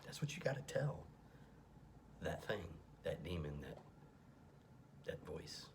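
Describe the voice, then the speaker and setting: A middle-aged man with a very deep voice talks through a song at home, reading its lyrics and unpacking what they mean. He drops to a whisper at times. A faint room hum sits behind him. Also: big pitch swings, slow pace. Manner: reads lyrics aloud then explains them, often drops to a whisper. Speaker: music reaction commentator. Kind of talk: casual commentary on a song.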